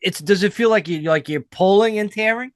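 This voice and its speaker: Excitable man on a dry mic. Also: sits high, brisk, no room sound. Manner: loose, excitable, lots of fillers. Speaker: podcast host. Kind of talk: casual chat.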